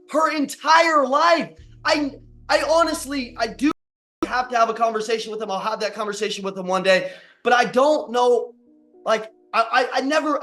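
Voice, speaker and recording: Very high-pitched, bright and forceful, a motivational speaker addresses an audience in a large room with earnest emotion, repeating lines to drive them home. Faint music sits under a roomy, distant recording.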